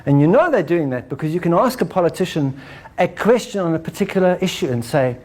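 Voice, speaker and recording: A man's voice: fairly high pitch, expressive, fast, a little mellow. A man presenting a spiritual talk to a live audience in a casual style, often checking in with "right?". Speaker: speaker presenting his book and method.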